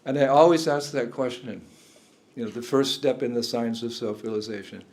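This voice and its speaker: A man's voice: medium pitch, fairly quick, darkish tone. An older man, a spiritual teacher, giving a talk indoors to a room of listeners, chuckling often and asking them questions.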